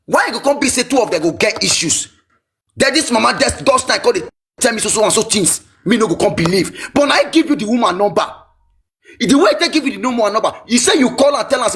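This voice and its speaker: A man with a Nigerian Pidgin accent, telling his own life story in an emotional, repetitive way. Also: fast talker. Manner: animated, pitch swinging high and low, repetitive.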